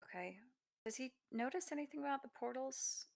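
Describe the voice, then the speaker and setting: A woman's voice: high-pitched, expressive, brisk, creaky. A woman playing a tabletop game, asking questions in a hesitant way. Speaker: player. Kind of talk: casual tabletop role-play.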